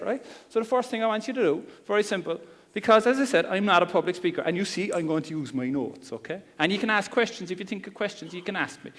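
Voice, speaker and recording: Fast-talking Cork man in a hall. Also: high voice, animated, a bit bright. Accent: Cork Irish. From Ireland. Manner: chatty, joking, blunt slang. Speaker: seminar speaker. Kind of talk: live seminar talk. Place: seminar hall. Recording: long hall reverb.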